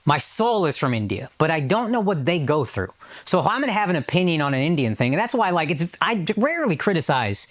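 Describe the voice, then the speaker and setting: A man's voice: on the high side, big pitch swings, fairly quick. A man in casual podcast chat, telling a story with lots of emphatic swearing. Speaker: podcast regular.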